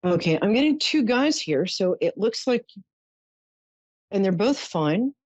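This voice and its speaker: A woman's voice: mid-range voice, sing-song, a little slow, darkish tone, no echo. Soothing woman psychic host, dull dry sound. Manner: soothing, showers callers with endearments. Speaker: psychic call-in show host. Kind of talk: call-in psychic reading.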